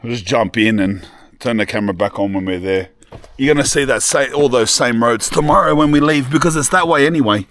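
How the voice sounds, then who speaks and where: A young man filming a casual travel vlog, talking in excitable slang and calling the viewer bro, cuz and lad. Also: medium pitch, fairly quick. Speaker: travel vlogger.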